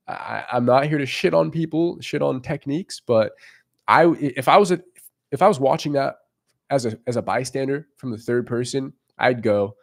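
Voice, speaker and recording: A young man coaches in a relaxed, off-the-cuff monologue. He speaks bluntly and swears casually, repeating himself as he works through his points. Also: mid-range voice, normal speed, vocal fry. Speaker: dating coach.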